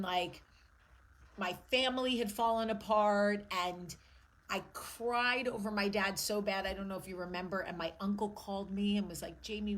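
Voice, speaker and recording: Husky-voiced woman, raw and candid. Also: mid-range voice, fairly bright tone, rough recording. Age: 40s. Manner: emotional, blunt, swears freely. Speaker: show host. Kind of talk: candid personal vlog monologue.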